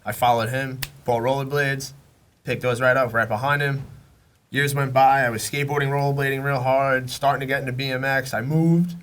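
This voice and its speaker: A man's voice: mid-range voice, level tone, a little fast, a bit bright. A young man from Long Island, telling long, rambling stories on a podcast, full of slang and swearing, often acting out what friends said. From Long Island, New York. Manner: rambling, slangy, profane, acts out quoted friends. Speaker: podcast guest. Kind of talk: casual storytelling.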